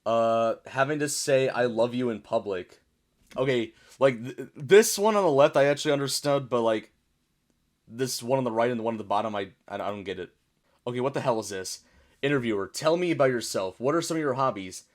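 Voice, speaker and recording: A young man from the United States hosts a video reacting to memes, speaking briskly in a mid-range voice. He's chatty and puzzled, reading the captions out loud.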